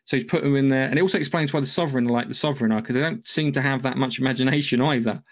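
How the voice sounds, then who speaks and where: A man's voice: medium pitch, very fast. Rambling man recapping a plot. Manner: rambling, loose and profane storytelling. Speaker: podcast host. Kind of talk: casual podcast plot recap.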